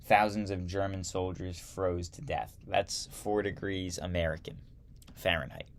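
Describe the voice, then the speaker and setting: A man teaching history, reading a textbook aloud slowly and adding wry asides. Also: sits low, vocal fry, a little hiss or hum.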